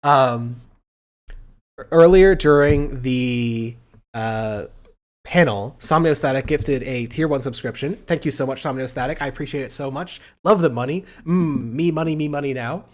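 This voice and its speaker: A man's voice: medium pitch, a little slow. A man hosting a casual political livestream, rambling and sarcastic, with a profane, joking way of talking. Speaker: livestream host.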